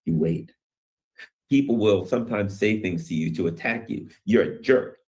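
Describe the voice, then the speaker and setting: Deep low-voiced guy doing a rambling solo commentary on world news, emphatic, slips into voices when quoting people. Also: moderate pace, darkish tone. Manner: rambling, emphatic, acts out others' quotes. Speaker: news commentary channel host.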